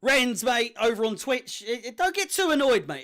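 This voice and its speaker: A young man hosts a live football watch-along, chatting to his viewers. His voice sits high and bright, with a lively, swooping delivery that jumps up whenever the game heats up. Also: normal speed. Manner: excitable, shouts and laughs at chances. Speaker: fan watch-along host.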